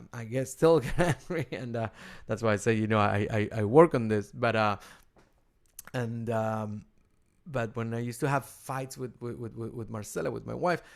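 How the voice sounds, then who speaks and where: A middle-aged man, a rabbi and cantor with an Argentine Spanish accent, giving an informal teaching talk, halting often and repeating words as he restarts. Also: medium pitch, creaky.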